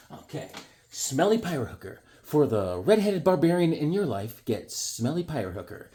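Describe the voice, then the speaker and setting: A man talking casually to his camera about his drawings and comic books. His pitch swings widely and sits a little high for a man, and he keeps breaking into quick silly voices. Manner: animated, jumps into quick silly voices and shouts.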